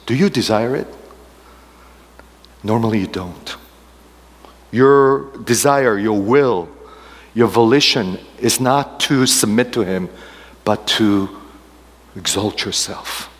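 A man's voice: fairly low pitch, slow, long pauses. Man preaching in an echoing hall. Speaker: pastor. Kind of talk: sermon.

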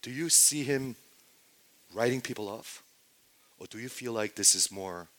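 Dramatic male preacher, loud then hushed. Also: medium pitch, measured pace, long pauses, low-quality recording. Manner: swings from loud emphatic to hushed near-whisper; asks the audience rhetorical questions. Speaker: pastor. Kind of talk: sermon.

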